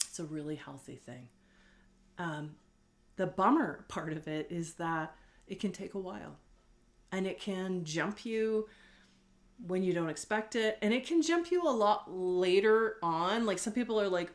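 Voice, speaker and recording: Gentle, candid middle-aged woman. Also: lowish voice, measured pace. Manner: gentle, candid, tearful at times, rambling with fillers. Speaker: host. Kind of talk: heartfelt personal talk to camera.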